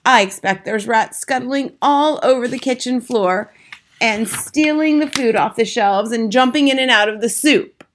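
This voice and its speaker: A woman's voice: on the high side, normal speed, a little hiss or hum, pitched above the performer's own voice, lightly acted. A woman voicing a stern, feisty old grandmother in a storybook reading, blunt and relentless as she argues. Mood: indignant.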